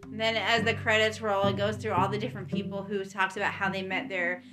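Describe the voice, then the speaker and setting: A chatty woman at an average pitch walks through a movie's story in a loose, rambling way and often stops on an um. Soft guitar music plays under her voice. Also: level tone, brisk. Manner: rambling, chatty, with frequent ums. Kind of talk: casual movie recap.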